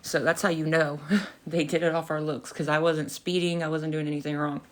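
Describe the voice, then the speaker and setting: A young woman on a casual livestream with a slightly low voice. She tells her story with animated energy, curses freely and laughs often, sounding a little out of breath. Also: fairly quick. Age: young adult.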